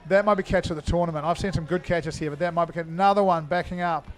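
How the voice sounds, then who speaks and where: A man's voice: a little high, fairly even intonation, fast talker. A middle-aged man giving live indoor cricket commentary, chatty and full of fillers as he thinks aloud.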